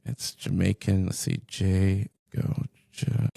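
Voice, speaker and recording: A man's voice: slow pace, vocal fry, dry recording, clean studio sound. A man, a pastor, talking casually and with energy through a Bible passage with a co-host. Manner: animated, jumps into high pitch for jokes and read-outs. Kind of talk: casual conversational Bible discussion.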